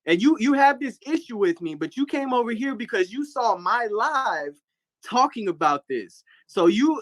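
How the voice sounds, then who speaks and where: Animated high-voiced male guest. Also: normal speed, no echo. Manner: animated, laughs often, emphatic. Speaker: interview guest. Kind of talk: casual interview chat.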